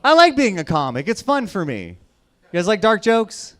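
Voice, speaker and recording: A young adult man doing a profane stand-up comedy set on a club stage, swinging between loud shouting and low mutters. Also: wildly swooping pitch, normal speed.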